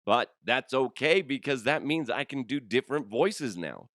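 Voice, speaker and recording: A man hosts a casual comedy podcast, his voice rough from a cold. He swings all over in pitch and swears freely. The sound is close and dry. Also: moderate pace, no room sound. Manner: animated, swearing, laughs a lot. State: hoarse from a cold. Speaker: podcast host.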